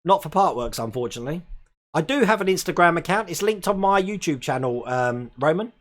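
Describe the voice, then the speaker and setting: A man's voice: fairly high pitch, expressive, brisk, a bit bright. A man in his forties from England, hosting a live stream and chatting casually while reading viewer comments, laughing often. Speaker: host.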